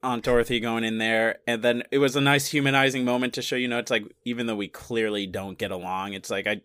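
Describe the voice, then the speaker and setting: A young man co-hosting a podcast, casually recapping a movie, relaxed, laughing and quoting scenes. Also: mid-range voice, fast, smooth, dry recording. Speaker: podcast co-host.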